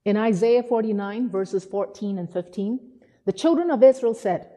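A woman's voice: medium pitch, moderate pace. A woman preacher giving a sermon, telling stories and acting out the people she quotes. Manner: animated storytelling, acting out quotes. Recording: hall reverb.

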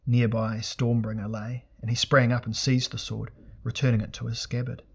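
A man narrating a fantasy audiobook in a steady, measured, dramatic reading. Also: mid-range voice, creaky, breathy edge.

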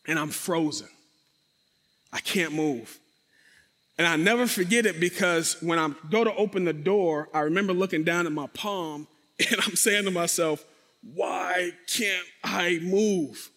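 A man telling a dramatic personal testimony, speaking directly to his audience and acting out sound effects. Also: fairly high pitch. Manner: animated, acts out sound effects and quotes. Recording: long reverberant hall.

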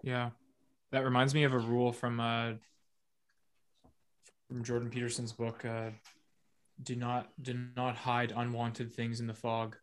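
A man co-hosting a casual podcast at a mid-range pitch. He thinks aloud with "uh"s and reads passages from his notes. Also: completely flat delivery, measured pace, long pauses, clear, resonant tone.

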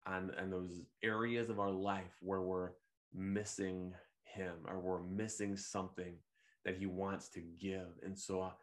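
Low-voiced man giving a gentle devotional reflection. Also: flat delivery. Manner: gentle, unhurried, with occasional fillers and restarts. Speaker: podcast host leading devotional meditation.

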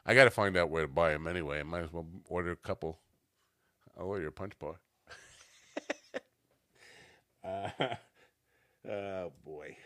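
A man's voice: deep voice, a little slow, long pauses, fairly bright tone, no room sound, studio quality. A man hosting a casual chat show, rambling and self-mocking, easily distracted, coming down from a cannabis edible. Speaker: podcast host.

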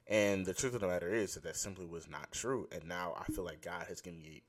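A young man with a very low voice hosts his own podcast segment. He talks about faith in an excitable, rambling way and keeps interrupting himself. The tone is loose and casual. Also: fast talker.

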